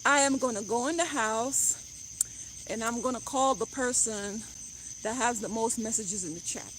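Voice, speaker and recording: A woman's voice: a little high, a little slow, fairly bright tone, a little hiss or hum. A woman chatting bluntly and jokingly to her viewers in a casual vlog, recorded on a phone outdoors beside a car. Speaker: vlogger.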